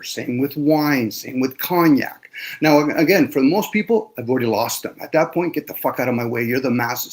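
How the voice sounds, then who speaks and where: Profane, lecturing man in a panel talk. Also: medium pitch. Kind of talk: casual panel discussion.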